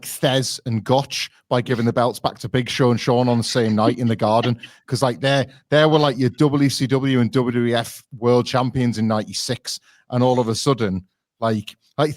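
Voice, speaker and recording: A man's voice: medium pitch, no room sound, clean studio sound. A man, a podcast guest, chatting casually in a rambling way full of "like" fillers. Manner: rambling, full of "like" fillers, laughs while talking.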